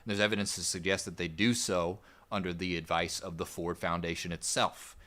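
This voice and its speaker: A man co-hosting a history podcast, recounting events in a relaxed, rambling way with plenty of "like" and "I guess". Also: low-pitched, brisk. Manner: relaxed, rambling storyteller with fillers. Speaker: podcast co-host. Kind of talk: casual history podcast narration.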